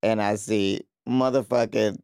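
A man's voice: on the low side, fairly even intonation, a little slow, darkish tone, clear, resonant tone, no room sound, studio quality. A man co-hosting a casual TV recap podcast, a laid-back storyteller who laughs often. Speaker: podcast co-host.

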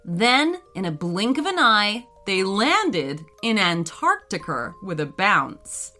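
A woman narrating a children's story in a slow, expressive read-aloud manner. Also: mid-range voice, faint music behind.

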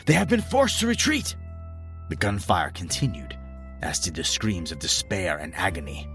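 A man reading a scripted horror story in a steady, grave storytelling manner. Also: low voice. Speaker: narrator.

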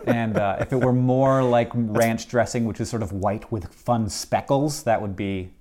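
A man's voice: medium pitch, measured pace, mellow, a little hiss or hum. A man co-hosting a podcast, chatting casually with a playful, rambling manner, full of fillers and restarts. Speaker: podcast co-host. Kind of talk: casual chat and host-read ads.

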